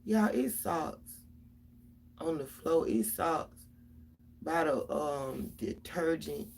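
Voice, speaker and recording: A woman's voice: deep voice, animated, slow, creaky, darkish tone, slight background noise. A middle-aged mother, venting casually and profanely straight to her viewers about her kids.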